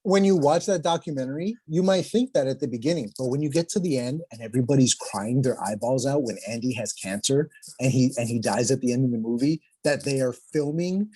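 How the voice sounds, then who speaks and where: A young adult man hosting a podcast, telling stories excitedly in slangy casual chat. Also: medium pitch, fairly quick, few pauses, husky, dry recording. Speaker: podcast host.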